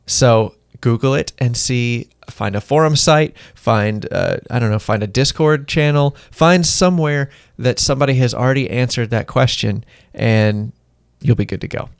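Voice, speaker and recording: A man's voice: mid-range voice, moderate pace, creaky, smooth, dry recording. Dry-voiced man giving casual advice. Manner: rambling, offhand, acts out little dialogues. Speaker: podcast co-host.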